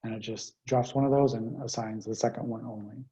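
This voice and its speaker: A man's voice: medium pitch, fairly even intonation, fairly quick, warm tone, dull audio. A man giving a linguistics lecture, explaining step by step with frequent fillers over a remote call.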